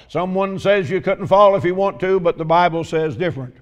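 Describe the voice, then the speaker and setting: Folksy preacher, high voice. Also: male voice, highs cut off. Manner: folksy storytelling, drawn-out emphatic questions. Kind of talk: sermon with humorous stories.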